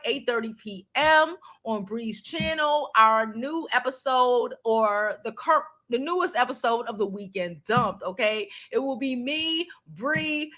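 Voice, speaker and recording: Middle-aged woman streamer, animated and loose with fillers, bright edgy voice. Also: a little high. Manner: animated, swearing, frequent fillers and restarts. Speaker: channel host. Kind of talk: casual live-stream commentary.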